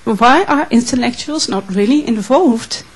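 A woman from the Netherlands speaks up from the audience, earnest and visibly emotional, often stopping and restarting. Her voice is husky and sits fairly high. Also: lively intonation, unhurried, rough recording. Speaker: audience questioner. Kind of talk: emotional question from the floor.

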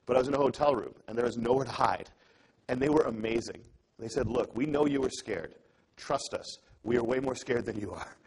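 A young man speaks to a live audience in an earnest, conversational way, slipping into the voices of the people in his story. His tone is husky and a little breathy, with a middle pitch. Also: fast talker, a little mellow, low-quality recording. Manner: earnest and conversational, acts out quoted dialogue. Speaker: public speaker.

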